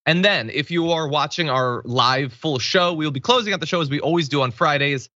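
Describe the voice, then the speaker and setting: A man's voice: a little high, fairly quick, dry recording, lo-fi sound. A man hosting a casual news talk show, joking and laughing with his co-host. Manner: jokey, animated, laughs often.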